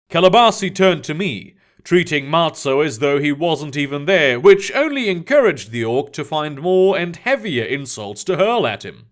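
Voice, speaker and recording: A man reading a first-person sci-fi story aloud in a steady, measured narrating voice. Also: on the high side. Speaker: audiobook narrator.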